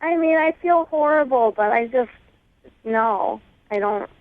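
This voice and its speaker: A woman's voice: on the high side, lively intonation, a little slow. A woman speaking on a phone call to a radio show, hesitant and filling her speech with "like". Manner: hesitant, lots of "like" fillers. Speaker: caller. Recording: tinny phone line.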